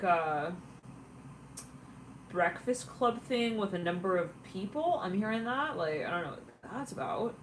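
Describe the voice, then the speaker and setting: A woman tarot reader gives a casual, rambling reading, chatty with lots of fillers and frequent laughter. Her voice sits on the low side, and the rough recording has a little hiss or hum.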